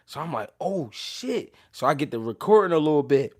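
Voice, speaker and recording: A man's voice: a little high, brisk. Slang-heavy Philly man telling stories. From Philadelphia, USA. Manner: animated, slangy, profane, restarts sentences often. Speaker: show host. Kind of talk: casual storytelling.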